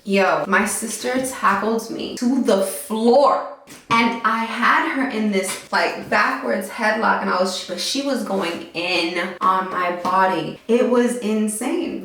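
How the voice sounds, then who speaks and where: A young woman chats through a storytime vlog as she gets ready, slangy, animated and quick to mock herself. Her medium-pitched voice bounces around a very echoey room, and she sits some way back from the mic. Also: recorded from a distance, a little hiss or hum. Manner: animated, slangy, self-mocking asides. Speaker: vlogger. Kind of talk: casual storytime chat while getting ready. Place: room at home.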